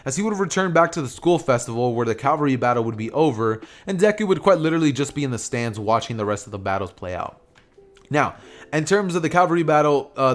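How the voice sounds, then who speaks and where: A young man casually narrating an anime what-if story, rambling with lots of fillers and restarts. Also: mid-range voice. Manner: rambling, filler-heavy retelling.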